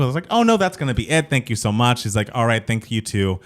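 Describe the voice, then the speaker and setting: Animated young man on a chatty podcast. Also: medium pitch, quick pace, few pauses. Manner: animated storyteller, acts out quoted voices. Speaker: podcast co-host. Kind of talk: casual chat.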